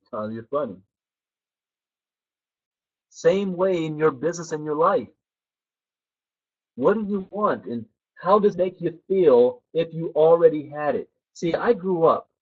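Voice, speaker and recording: Animated motivational speaker, lo-fi sound. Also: male voice, fairly high pitch, unhurried, pauses often, husky. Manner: animated storyteller who acts out quoted people. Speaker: personal development trainer. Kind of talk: motivational training talk.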